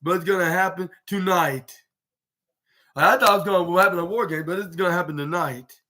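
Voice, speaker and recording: A man with a bright, slightly high voice talks through a wrestling show recap. He rambles, fills every pause with "like" and restarts his sentences, and slips into quoting the wrestlers as he goes. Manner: rambling, heavy use of "like" and restarts, acts out quotes. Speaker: podcast host.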